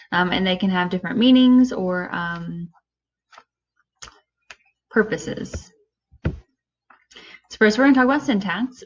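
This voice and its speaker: A woman at an ordinary middle pitch walks through a lesson step by step. She fills her pauses with ums as she explains. The recording is muffled and lo-fi. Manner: explains step by step with many fillers. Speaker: teacher. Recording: dull lo-fi recording.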